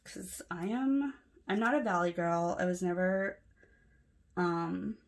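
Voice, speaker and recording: This Los Angeles woman, with a matching accent, talks slowly in a fairly low voice while filling in her planner. Her plan-with-me vlog chat is soft-spoken, chatty, a bit rambling, and sprinkled with fillers.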